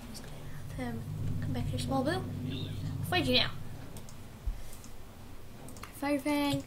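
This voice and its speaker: A young woman commentating her own Pixelmon let's play, rambling casually and bursting into excited shrieks. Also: high voice, slow, long pauses, noisy background. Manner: chatty, swings from mumbling to excited shrieks. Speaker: gaming YouTuber.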